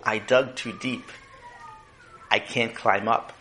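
Cheeky curious boy, played by a man: hesitant, sheepish, slow. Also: lowish voice, steady tone, sharp tone. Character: cheeky curious eleven-year-old boy digging holes.

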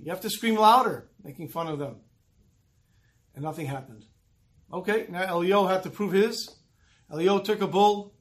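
Animated high-voiced man telling a Torah lesson. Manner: animated storyteller acting out quotes. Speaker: Torah teacher.

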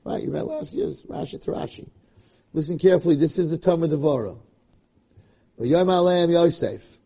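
Male rabbi, husky voice, very lively pitch, dramatic shifts from quiet to loud. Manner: animated, swings between hushed and loud passionate emphasis. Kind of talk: Torah lecture.

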